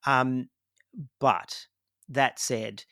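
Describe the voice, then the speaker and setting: A middle-aged man from Australia, a podcast guest talking casually, enthusiastic with halting restarts. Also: mid-range voice, creaky, sharp tone, no echo, clean studio sound. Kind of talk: casual conversation.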